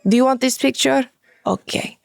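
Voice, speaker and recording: A woman's voice: sits high, moderate pace, gravelly, no room sound. Brief: woman doing a clipped, scolding Russian haunt character, heavy accent, dry close sound.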